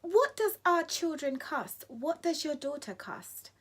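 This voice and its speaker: Emphatic woman with a high voice. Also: very animated, takes it slowly. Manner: emphatic, indignant, repeats for stress; restarts mid-sentence when heated. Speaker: vlogger. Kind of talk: impassioned opinion vlog.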